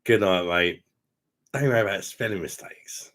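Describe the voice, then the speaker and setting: Low voice, man, tipsy, rambling, matey, casual swearing, home room. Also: moderate pace, fairly bright tone. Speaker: beer reviewer hosting a live stream. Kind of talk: casual live-stream chat. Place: home room with sound panels.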